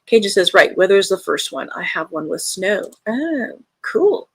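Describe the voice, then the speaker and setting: A husky, mid-range voice with a sing-song lilt belongs to an American woman hosting a live reading sprint. She chats in a friendly, casual way at a moderate pace, reading viewer comments with bright lifts, on a dry recording.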